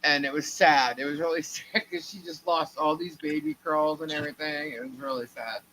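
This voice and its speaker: A woman's voice: deep voice, steady tone, a little fast, a bit bright, a little hiss or hum, low-quality recording. A middle-aged woman co-hosting a live stream, telling a long family story in a rambling, chatty way and laughing between sentences. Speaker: livestream co-host.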